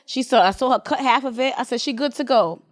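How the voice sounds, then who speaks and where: A woman in her thirties co-hosting a casual podcast, telling stories in an animated, profane way. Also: high voice, fast. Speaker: podcast co-host. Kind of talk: casual chat.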